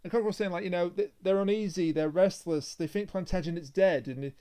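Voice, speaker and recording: A man co-hosting a podcast in casual chat, recapping with many pauses and restarts. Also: high voice, warm tone, clean tone. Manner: hesitant, many ums and restarts while recapping. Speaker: podcast co-host.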